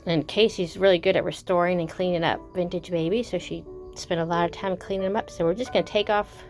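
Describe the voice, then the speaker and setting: A woman's voice: lowish voice, fairly even intonation, quick pace, soft background music. Chatty woman showing dolls. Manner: chatty, gushing, rambling with fillers and self-corrections. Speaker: doll collector vlogger. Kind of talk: casual show-and-tell vlog.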